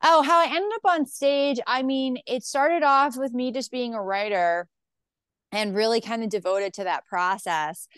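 A woman's voice: on the high side, a little slow, a bit bright, clean tone, dry recording, clean studio sound. A woman comedian telling stories in casual chat, acting out quoted voices, saying "like" a lot and swearing freely. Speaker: stand-up comedian guest.

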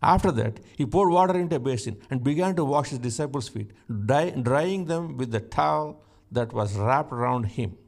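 A man preaching a sermon, teaching slowly and emphatically from scripture and rising to exclamations. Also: mid-range voice, animated, vocal fry, darkish tone.

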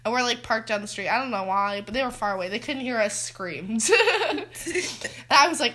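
Teenage girl, casual storytelling, high voice, very lively pitch, giggly. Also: a little fast. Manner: giggly, laughs often mid-sentence. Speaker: podcast co-host.

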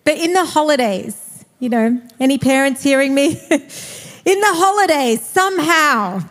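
A woman's voice: high voice, animated, measured pace. A woman in her forties preaching a sermon in church, telling family stories with frequent laughter. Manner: storytelling with laughs. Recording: reverberant church hall.

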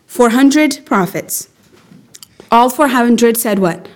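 A bright-toned woman with a fairly high voice teaches a small group in a room. She talks fast and playfully, slipping into character for the quotes and firing questions back at the class. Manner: animated, acts out quotes with rising pitch. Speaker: Bible study teacher. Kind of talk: lively group Bible lesson.

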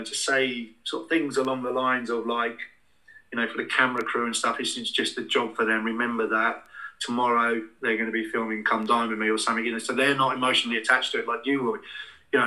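Bright-voiced man telling stories. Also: medium pitch, rough recording. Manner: rambling anecdotal, many restarts and fillers. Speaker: interviewee. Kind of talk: casual storytelling.

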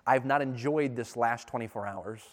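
A man telling a personal story in a sermon, animated and emphatic, his intensity rising as he speaks. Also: mid-range voice, normal speed. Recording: long reverb of a hall.

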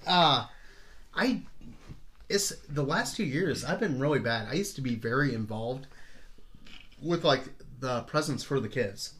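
A man in his forties hosting a casual chat, rambling, laughing often and swearing freely, his voice a little hoarse. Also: mid-range voice, animated, unhurried, pauses often, a bit bright. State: slightly hoarse. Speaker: podcast host.

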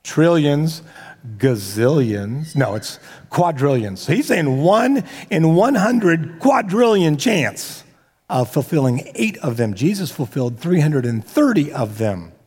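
A man's voice: fairly high pitch, very animated, slow, darkish tone, breathy edge. A man preaching a sermon as pastor, talking casually with joking asides and frequent restarts. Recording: long hall reverb.

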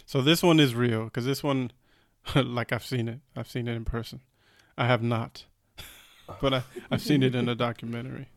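Smooth-voiced man, close and dry. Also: mid-range voice, fairly even intonation, normal speed, dry recording. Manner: hedging, searches for words with ums and restarts. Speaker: podcast co-host. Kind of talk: casual chat.

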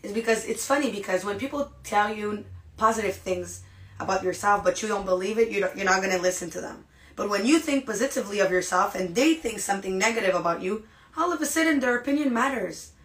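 Dramatic woman podcast host, pep talk straight to listeners, acts out little voices, mid pitch. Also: animated, a little fast. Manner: talks straight to listeners, asks rhetorical questions. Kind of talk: motivational monologue.

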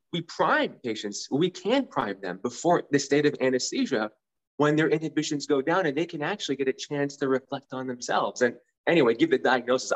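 A man's voice: a little high, low-quality recording. A man who works in anesthesia, talking in a casual conversation, earnest and enthusiastic as he explains patient care. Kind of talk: casual chat.

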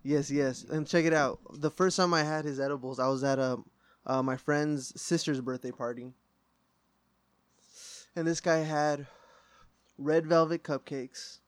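Male podcast host, casual and profane, slightly high pitch, dry close recording. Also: fairly even intonation, a little slow, pauses often, clean tone, no room sound. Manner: loose, profane storytelling, high.

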